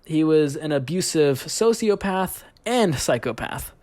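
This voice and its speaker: A young man narrating a comedic story in a profane, rambling, deadpan way. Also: fairly high pitch, a little slow. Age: young adult. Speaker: YouTube storyteller.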